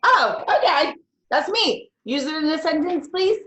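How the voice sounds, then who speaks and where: A chatty woman competing in a casual spelling bee who laughs a lot. Her voice is high and bouncy, and she speaks slowly. The room sounds echoey, as over a video call. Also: animated, fairly bright tone. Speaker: contestant.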